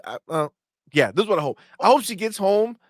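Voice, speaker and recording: A man's voice: sits high, big pitch swings, fairly quick, no room sound, studio quality. A man co-hosting a podcast, chatting casually and joking, reading out live chat, slipping into silly voices. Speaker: podcast co-host.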